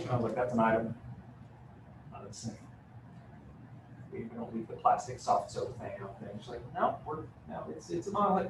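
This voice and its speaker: Joking man teaching from a distant mic. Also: mid-range voice. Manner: conversational, joking, many fillers. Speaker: real estate trainer. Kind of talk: live training talk. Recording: roomy, distant mic with room noise.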